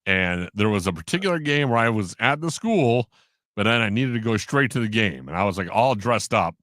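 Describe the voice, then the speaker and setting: A man, a sports broadcaster on a podcast, telling stories in an animated way and acting out the quotes. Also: on the low side, brisk, no room sound, clean studio sound. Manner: animated storyteller, acts out quotes, laughs often. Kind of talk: casual storytelling in an interview.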